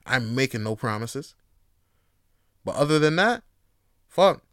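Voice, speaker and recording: A man's voice: mid-range voice, expressive, a little slow, fairly bright tone, no room sound, studio quality. A man hosting his own show, talking in a loose, profane solo monologue with laughing asides. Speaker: host.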